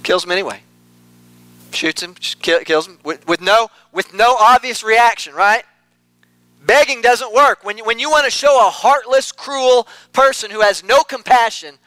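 A man's voice: sits high, pushed and bright, smooth, no echo, low-quality recording. A man preaching an earnest sermon, repeating phrases for emphasis.

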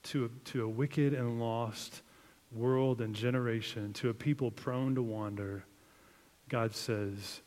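Man, pastor, conversational sermon, emphatic then hushed, mid pitch, long hall reverb. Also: fairly even intonation, takes it slowly. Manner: conversational preaching, lots of "like", rising to emphatic and dropping to hushed.

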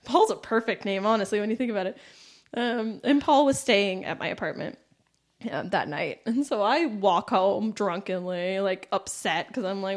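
A woman's voice: medium pitch, a little fast. A young woman comedian telling a story in casual conversation, laughing often and acting out the voices in her tale. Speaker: comedian guest.

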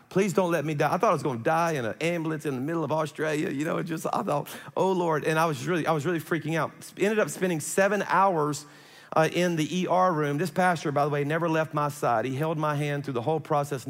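Middle-aged male pastor, higher-pitched, conversational sermon storyteller, big reverberant hall. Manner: animated, conversational, acts out quotes.

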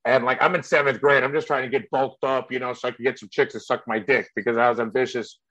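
A man's voice: mid-range voice, steady tone, fast talker, a bit bright, dry recording, dull audio. A male comedian telling a story in casual chat, rambling and profane with many fillers.

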